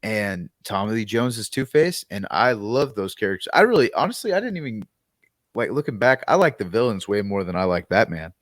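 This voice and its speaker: A man co-hosting a podcast in casual chat, relaxed and loose with fillers. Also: lowish voice, brisk, no room sound, clean studio sound. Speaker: podcast co-host.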